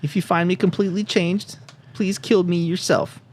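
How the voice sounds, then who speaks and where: A man's voice: high voice, steady tone, moderate pace, slight background noise, pitched above the performer's own voice, close to an everyday voice. A man putting on a nerdy scientist with a Southern accent. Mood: pleading. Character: nerdy male scientist writing a farewell letter.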